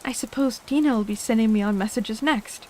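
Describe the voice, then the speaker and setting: Woman playing an eager little girl, softly whispered role-play. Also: on the high side, brisk, a little hiss or hum, natural voice, low-quality recording. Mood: musing. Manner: eager, wistful.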